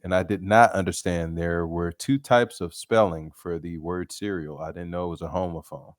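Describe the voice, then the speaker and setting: A man's voice: low voice, steady tone, normal speed, no room sound, studio quality. A man hosting a podcast, telling casual stories alone, laughing often and swearing freely. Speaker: podcast host. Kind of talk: casual storytelling monologue.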